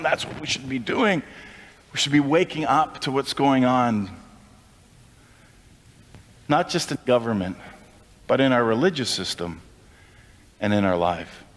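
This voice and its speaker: A man preaching a sermon as pastor, impassioned and climbing in pitch when he stresses a point. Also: big-room sound. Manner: impassioned, rising pitch on emphasis.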